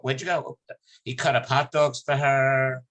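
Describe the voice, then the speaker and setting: A man's voice: medium pitch, flat delivery, a little slow, fairly bright tone. A man hosting a podcast, telling a long, emotional personal story in casual chat, rambling with many restarts. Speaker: podcast host.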